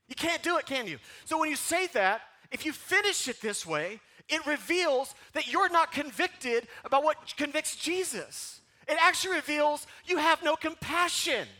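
A high, bright-toned man preaching with wide swings in pitch. He talks in an animated, emphatic way and coaxes the congregation to say lines back to him, sometimes pleading. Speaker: pastor. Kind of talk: sermon.

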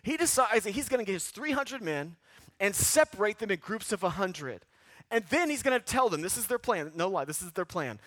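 High-voiced, impassioned male preacher. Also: fairly quick, no echo. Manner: animated preaching, repeating lines for emphasis, dropping low and quiet toward the close. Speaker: pastor. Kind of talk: sermon.

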